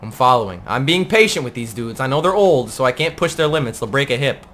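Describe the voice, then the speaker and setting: A man giving casual gameplay commentary in a profane, excitable and joking way. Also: mid-range voice, fast, a little hiss or hum.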